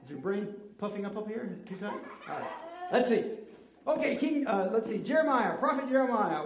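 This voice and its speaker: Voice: mid-range voice, fairly quick. A children's ministry leader directing a Bible skit with kids, cheering them on and feeding them their lines. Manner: lively, cheering, coaching kids line by line. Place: church children's room. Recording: roomy hall sound, mic at a distance.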